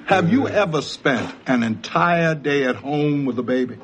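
A man plays a married husband in a sitcom, handing out advice with knowing jokes. His voice sits a little high. A steady hiss runs under him. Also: measured pace. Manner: knowing, joking.

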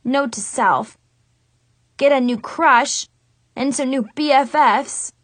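A woman reading a first-person children's story with a dramatic, expressive teen-girl manner. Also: high-pitched, slow pace, no echo. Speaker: audiobook narrator.

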